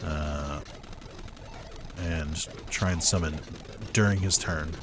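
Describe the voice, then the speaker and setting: A man's voice: extremely low pitch, fairly even intonation, slow pace, noisy background. A young man giving casual let's-play commentary, musing aloud in a laid-back way with little chuckles. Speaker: gamer.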